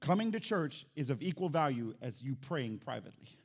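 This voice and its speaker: A male pastor preaching an animated sermon in church, calling out to the congregation and acting out little scenes. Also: medium pitch, fairly quick. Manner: animated, acts out quotes, calls out to congregation.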